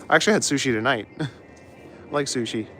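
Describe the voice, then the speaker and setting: A man's voice: mid-range voice, normal speed, a bit bright, slight background noise. A young man in casual chat as a live streamer, walking outdoors through city streets and chuckling as he answers his chat. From Canada. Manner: laid-back, chuckles often, reads out chat.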